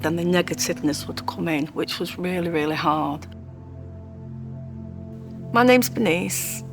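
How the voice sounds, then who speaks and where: A woman telling her own story in a heartfelt, halting way. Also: low voice, over music. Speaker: interviewee sharing her story. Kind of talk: personal testimony.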